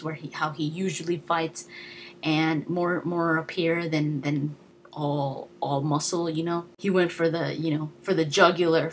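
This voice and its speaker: Chatty low-voiced young woman reviewing a film. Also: a little hiss or hum. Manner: chatty and enthusiastic, many fillers and restarts. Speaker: video blogger. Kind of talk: casual movie review monologue.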